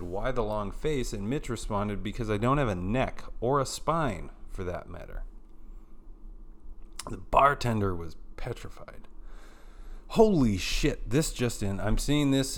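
A man hosting a satirical fake news podcast in a mock-newscaster delivery with profane asides. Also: on the low side. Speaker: host.

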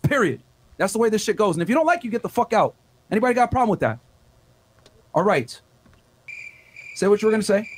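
Fast-talking stern male producer. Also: high-pitched, big pitch swings, breathy edge. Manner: stern, profane, lays down rules. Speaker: podcast producer. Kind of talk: scolding guests on a live podcast.

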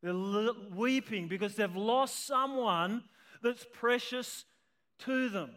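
High-pitched guy preaching slow and passionate, gets loud at the big moments. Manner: impassioned, swells to shouting at emotional peaks. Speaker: pastor. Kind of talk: sermon. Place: church service with children present.

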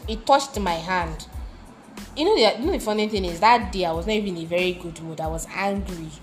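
A young Nigerian woman in her twenties telling a personal story in a casual, animated and indignant way, mixing in Pidgin and Yoruba phrases. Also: mid-range voice. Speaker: vlogger.

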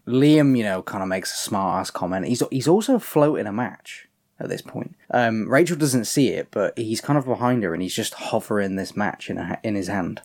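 A man's voice: mid-range voice, a little mellow. A young man rambling through a casual film recap, full of fillers, swearing and acted-out lines. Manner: rambling, filler-heavy, swears freely, acts out characters' lines. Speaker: podcast co-host.

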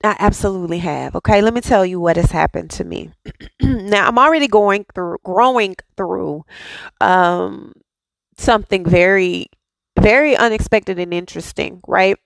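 A woman's voice: mid-range voice, moderate pace, vocal fry, no room sound. A woman hosting a daily devotional, speaking with fervent, repetitive affirmations and casual asides to her listeners. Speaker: devotional host.

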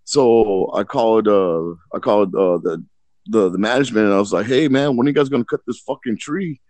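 A man's voice: fairly low pitch, a little fast, darkish tone, no room sound. Profane rambling male storyteller, dry sound. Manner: rambling, profane, acts out voices in his stories. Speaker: podcast co-host. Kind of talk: casual storytelling.

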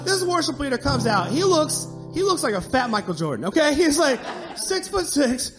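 Stand-up comic, man, very high voice, storytelling with sung bits, guitar behind. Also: sing-song, normal speed. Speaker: stand-up comedian. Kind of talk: stand-up comedy set.

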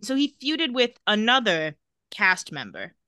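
A woman's voice: mid-range voice, sing-song, measured pace, pushed and bright, dry recording, studio quality. A woman co-hosting a casual podcast, recounting tweets with wry commentary. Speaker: podcast co-host.

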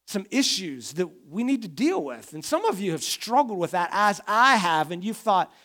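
A man pastor preaching a conversational sermon, swinging from quiet to loud and acting out complaining voices. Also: high voice, big pitch swings, moderate pace. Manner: conversational preaching, rising and falling in volume, acts out complaining voices.

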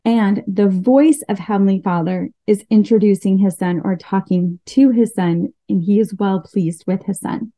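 A woman's voice: mid-range voice, fairly even intonation, normal speed, few pauses, dark tone, no echo, rough recording. A woman hosting a podcast, talking through scripture in a casual, earnest way and thinking aloud with fillers and restarts. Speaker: podcast host. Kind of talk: casual scripture study talk.

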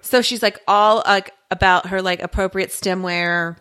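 A woman's voice: mid-range voice, steady tone, a little slow, fairly bright tone, clear, resonant tone. A woman co-hosting a podcast in casual chat, rambling with lots of filler words and trailing thoughts. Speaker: podcast co-host.

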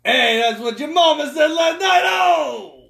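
A man putting on a brash New York tough guy with a shouted "hey, oh" catchphrase, in a crude comedic watch-along. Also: very high voice, expressive, a little slow, creaky, pitched above the performer's own voice, exaggerated voice. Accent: put-on New York. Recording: roomy echo.

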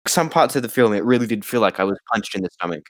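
A man's voice: lowish voice, lively intonation, fast talker, no room sound, rough recording. Rambling exasperated man on a podcast. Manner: rambling, exasperated, full of "like" and laughs. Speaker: podcast co-host. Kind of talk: casual movie review chat.

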